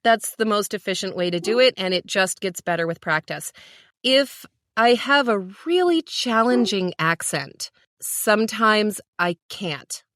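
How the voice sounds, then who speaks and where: A woman's voice: medium pitch, animated, a little slow, a bit bright, dry recording, studio quality. A woman who narrates audiobooks, explaining her work in a practical, matter-of-fact way during a casual podcast chat.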